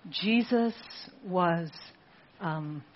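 A woman pastor preaching a sermon in a church, emphatic, with repeated phrases and slow, dramatic stresses. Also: lowish voice, highs cut off, slight background noise. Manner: emphatic, rhetorical repetition with dramatic slowdowns. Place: church sanctuary.

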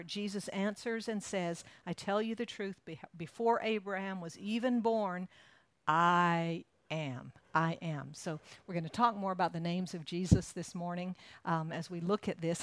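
Low-voiced woman preaching a sermon. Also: no echo. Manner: conversational, warm asides to the congregation. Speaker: pastor.

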